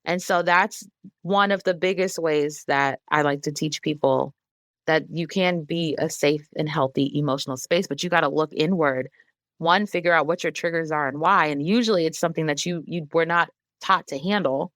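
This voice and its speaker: A woman in her thirties, a guest on an interview show, speaking candidly and earnestly, growing animated when she quotes other people. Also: low-pitched, normal speed, no echo, studio quality. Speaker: guest, emotional wellness advocate.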